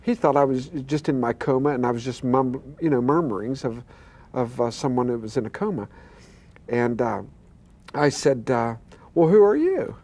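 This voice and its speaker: A man's voice: mid-range voice, steady tone, moderate pace, a little mellow. An older man, a pastor, telling his own healing story earnestly, acting out the voices he quotes and stammering now and then. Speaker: pastor and guest. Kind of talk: telling a personal testimony.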